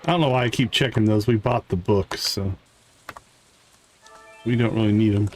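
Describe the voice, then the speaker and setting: Soft music plays behind a Midwestern-accented streamer whose fairly low voice moves at normal speed. He's laid-back and talkative, remarking on his farming game to chat, and the audio quality is poor.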